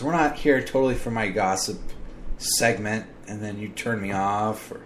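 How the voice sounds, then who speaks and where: A man's voice: on the low side, moderate pace. American man, podcast host, casual rant, profane, exasperated, faint background hiss. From United States. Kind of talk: casual ranting monologue.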